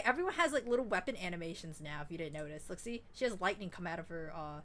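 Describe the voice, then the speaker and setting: A woman streamer chatting casually while playing a game, excitable and rambling, swearing freely. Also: fairly low pitch, quick pace, few pauses. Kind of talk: casual gaming stream chat.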